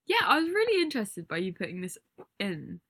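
A woman's voice: medium pitch, wildly swooping pitch, brisk, fairly bright tone, breathy edge. Chatty giggly woman co-host. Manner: chatty, giggly, trails off mid-thought. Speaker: podcast co-host. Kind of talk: casual chat.

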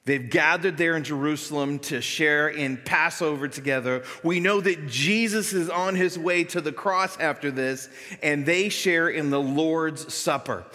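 Male pastor, bright and higher-pitched, casual preaching style, long hall reverb. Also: unhurried. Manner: conversational preaching, animated when voicing the disciples. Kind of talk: sermon. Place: church sanctuary.

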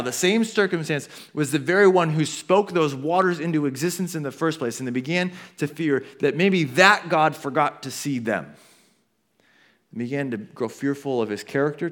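A pastor preaching a sermon, telling the story animatedly and talking casually to the congregation. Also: male voice. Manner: animated storytelling, acting out quotes with big swings in pitch and volume; conversational asides to the congregation.

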